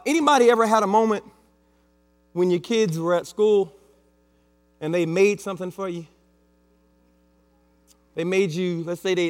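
A man preaching a sermon with emphatic repetition and playful asides. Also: high-pitched. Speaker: pastor. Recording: long hall reverb with mains hum.

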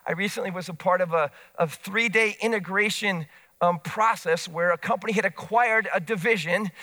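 Bright, high-voiced male preacher. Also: normal speed. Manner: animated storytelling with voiced asides. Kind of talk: sermon.

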